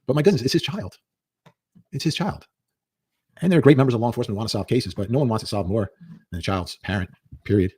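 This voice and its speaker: Husky guy commentator, talks quick, keeps repeating his points, earnest. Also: medium pitch, darkish tone, dry recording. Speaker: legal commentator. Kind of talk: clip of commentary played in a stream.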